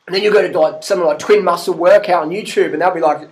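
A middle-aged man vlogging in a loose, animated rant, swearing freely and laughing at people he disagrees with. His voice sits a little higher than most men's. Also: quick pace, few pauses, low-quality recording. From Australia. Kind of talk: casual rant to camera.

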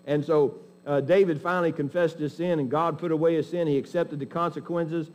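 A man preaching from the pulpit in a folksy, emphatic style. His voice sits a little high for a man, and he often breaks off and restarts his sentences as he presses his point. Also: fairly even intonation, moderate pace, darkish tone. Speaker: pastor. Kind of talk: sermon.

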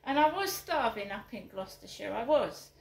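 A middle-aged woman rants to camera in her flat, her voice sitting a little high. She is indignant and emphatic, hammering her points home by repeating them. The room around her rings with a noticeable echo. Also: normal speed, vocal fry. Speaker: vlogger. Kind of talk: angry personal vlog rant.

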